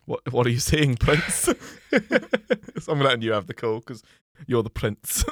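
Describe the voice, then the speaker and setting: A man's voice: mid-range voice, measured pace, no room sound, clean studio sound. A man playing a tabletop game, chatting casually and laughing often between lines. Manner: laughing, lively, animated. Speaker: player.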